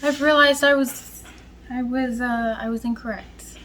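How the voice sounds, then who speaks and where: A woman hosting a casual home vlog, talking through her work in a chatty, self-deprecating way with quick bursts of speech. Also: on the high side, steady tone, a bit bright, slight background noise, rough recording. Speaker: soap maker and channel host. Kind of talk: casual vlog narration while working.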